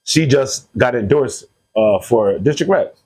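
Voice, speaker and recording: A man's voice: medium pitch, lively intonation, measured pace, a little mellow, slightly rough. A man hosting a podcast, talking in a casual, earnest way and telling stories from his own life. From Connecticut. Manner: earnest, storytelling, laughs easily. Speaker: podcast host. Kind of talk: casual conversation.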